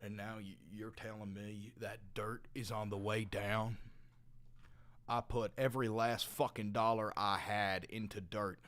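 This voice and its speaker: A young man playing a crude, brash livestreamer who swaggers, swears and swings from mumbling to shouting. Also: fairly low pitch, flat delivery, a little slow. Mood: indignant. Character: crude brash male livestreamer, calls everyone brother. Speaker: comedian. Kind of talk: comedic character sketch.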